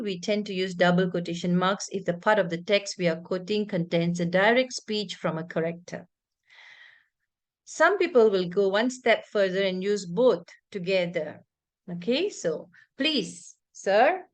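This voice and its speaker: Casting: female english tutor with a malaysian accent, patient explainer, medium pitch. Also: normal speed. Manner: explaining patiently, frequent check-in questions; reads example passages aloud with expressive intonation. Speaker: English teacher. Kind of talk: online English lesson.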